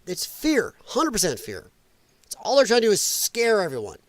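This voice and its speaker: A man's voice: high voice, huge pitch swings, normal speed, dry recording. A man hosting a livestream from home, ranting in casual political commentary and putting on mocking voices. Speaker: livestream host. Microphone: headset.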